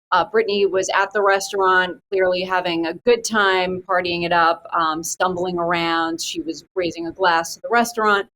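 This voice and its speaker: A woman's voice: medium pitch, fairly bright tone. A woman investigative reporter on a news panel, talking conversationally with fillers and stressing the danger.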